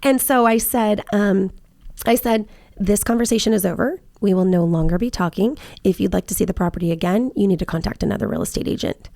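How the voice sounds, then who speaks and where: Gravelly-voiced woman telling stories. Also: medium pitch, brisk, no echo, clean studio sound. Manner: animated, acts out both sides of phone calls. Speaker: realtor and podcast host. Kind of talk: casual storytelling chat.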